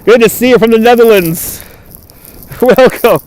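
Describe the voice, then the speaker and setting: A man with a fairly high voice hosts a live stream outdoors, speaking into a phone on a gimbal. He chats loosely and laughs often as he thanks viewers by name. The sound is dry and close. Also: a little slow, a little mellow, no echo. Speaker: livestream host. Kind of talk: live walking stream chat. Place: outdoors on a cold waterfront.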